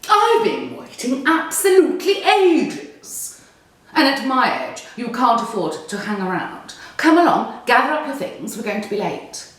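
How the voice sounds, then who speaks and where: Woman putting on a posh booming old lady. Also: sing-song, unhurried, a bit bright. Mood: bossy. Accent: posh English. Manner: booming and commanding. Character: posh, bossy elderly woman, brisk and kindly. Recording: roomy echo, distant mic.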